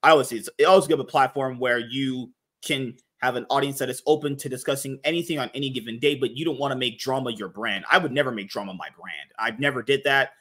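A man's voice: mid-range voice, fast, hardly any pauses, fairly bright tone. A man hosting a podcast in casual chat, rambling and swearing freely. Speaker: podcast host.

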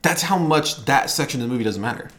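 Animated voice picking apart a movie. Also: mid-range voice, fast. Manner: animated, worked-up critique. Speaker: podcast co-host. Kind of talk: casual movie review chat.

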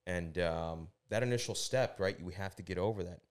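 A man hosting a casual podcast chat, relaxed and swearing freely as he asks questions. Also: deep voice, normal speed, smooth.

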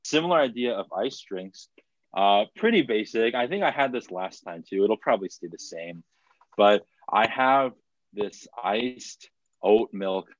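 A young man with a low voice co-hosts a podcast in easy, joking chat that is full of fillers. His audio comes through a dull, muffled video call and sounds dry and close. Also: expressive, unhurried, dry recording. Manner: joking, rambling with many fillers. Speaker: podcast co-host. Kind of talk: casual chat.

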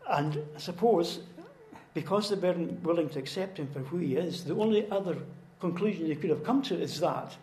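A man preaching with earnest conviction, his slightly high voice swelling into emphatic, repeated declarations. The sound carries the roomy echo of a church hall. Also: a little fast, darkish tone. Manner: earnest, repetitive, rising to emphatic proclamation. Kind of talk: sermon.

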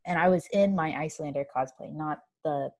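A young woman with a fairly low voice chats casually as co-host, telling her story in long run-on bursts full of "like" and restarts. The sound is dry and close, with no room around it. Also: fairly quick, no echo. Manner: animated, run-on storytelling with many fillers.

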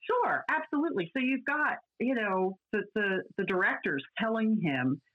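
A woman's voice: mid-range voice, expressive, moderate pace. A woman co-hosting a casual chat, talking in a chatty way with many restarts and fillers. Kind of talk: casual chat about classic TV. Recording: dull lo-fi audio.

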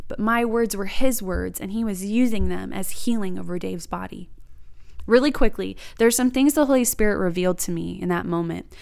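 A woman's voice: medium pitch, gravelly. A woman sharing a personal faith testimony and practical teaching in an earnest, emphatic way. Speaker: Christian speaker.

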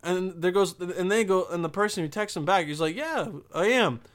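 A man's voice: sits high, fairly quick. A young man from Bosnia with no accent, talking in a rambling, profane, emphatic casual monologue.

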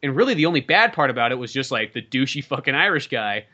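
Fast-talking bright-voiced profane man. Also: medium pitch, dull audio. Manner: profane, animated movie ranting. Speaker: podcast co-host. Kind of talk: casual chat.

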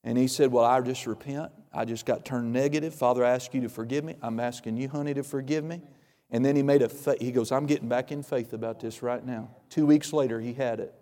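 A pastor preaching a sermon, telling stories and acting out the voices of the people in them, with emphatic delivery. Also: male voice, medium pitch, fairly even intonation, a little fast, dark tone, long reverb tail. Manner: storytelling, acts out quoted voices, emphatic.

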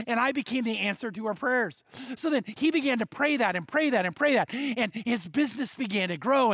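A man's voice: very high voice, pushed and bright, dry recording. A man preaching a sermon, telling a story and acting out the voices of the people in it. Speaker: pastor.

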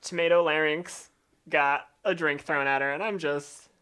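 A woman's voice: deep voice, fairly even intonation, moderate pace, fairly bright tone, clean tone. A woman co-hosting a podcast, casual and teasing, with dry humor and frequent laughter. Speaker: podcast co-host. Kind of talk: casual chat.

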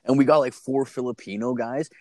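A man's voice: mid-range voice, steady tone, brisk, dry recording. A young man chatting casually on a podcast, telling profane, rambling stories about his work. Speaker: podcast co-host. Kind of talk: casual chat.

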